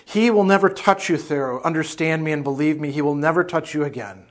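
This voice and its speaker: A fiercely protective grown woman from a novel, read aloud by a man. Her voice sits a touch high and grows emotional as she speaks. It is a plain, unforced reading rather than a full performance. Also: fairly quick, lightly acted. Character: anguished, protective adult woman.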